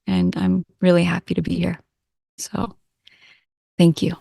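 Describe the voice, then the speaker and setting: Excited woman hyping up a live call, gravelly kinda low voice, says like a lot, dry close mic. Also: a little slow, no echo. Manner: effusive and excitable, lots of "like" and mild swearing. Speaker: co-host of an online energy-clearing event. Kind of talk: enthusiastic live-call pep talk. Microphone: studio microphone.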